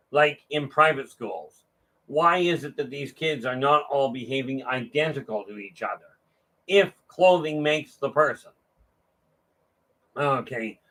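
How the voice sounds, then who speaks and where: In a casual monologue, a motivational speaker with a medium-pitched, fairly bright voice gives an informal talk, rambling and restarting often. He acts out the voices of people in his stories, raising his voice for the dialogue. The recording is low quality.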